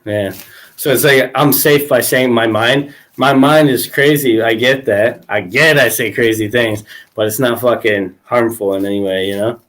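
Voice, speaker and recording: A man's voice: mid-range voice, normal speed, a bit bright. A man hosting a podcast, telling crude stories in casual chat and laughing often. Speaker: podcast host.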